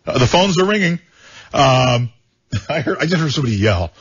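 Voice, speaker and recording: A man's voice: mid-range voice, big pitch swings, moderate pace, breathy edge. Rambling, joking male talk radio host. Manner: rambling, joking, stammering repeats. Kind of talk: casual talk radio banter. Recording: dull lo-fi radio sound.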